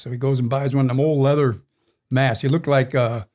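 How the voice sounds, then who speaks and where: Fast-talking and fairly even in intonation, the NASCAR guest, in his sixties, spins loose, anecdotal tales with lots of chuckles during a casual interview. His mid-range voice is a little mellow.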